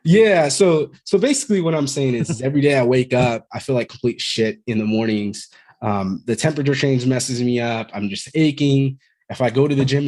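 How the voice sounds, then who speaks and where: A man's voice: mid-range voice, a little mellow. Candid rambling man telling stories. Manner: candid, rambling, swears freely. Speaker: podcast guest, Marine veteran. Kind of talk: casual conversational storytelling.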